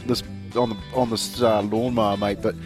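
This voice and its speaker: Chuckling New Zealand radio co-host. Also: male voice, on the low side, little pitch movement, normal speed, over music. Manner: chatty storyteller, chuckles often. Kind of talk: casual radio chat.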